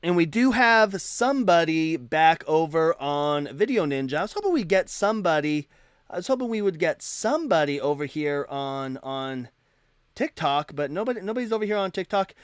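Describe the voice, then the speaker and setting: Hosting a live debate stream, a man speaks at normal speed in a smooth, expressive voice on the high side. The recording is clean studio sound with no room reverb, and his casual, lively talk often features repeated and restarted words.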